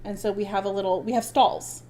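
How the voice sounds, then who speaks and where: A woman's voice: medium pitch, a little fast, slight background noise. A woman in her thirties co-hosting a podcast, talking casually and animatedly with frequent laughter. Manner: animated, laughing, self-described passive aggressive. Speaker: podcast co-host. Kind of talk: casual chat.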